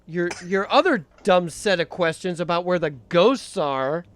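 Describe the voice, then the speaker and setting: A man's voice: high voice, animated, measured pace, a little hiss or hum. A man co-hosting a comedy podcast, joking animatedly and slipping into silly voices. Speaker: podcast co-host. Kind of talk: casual comedic chat.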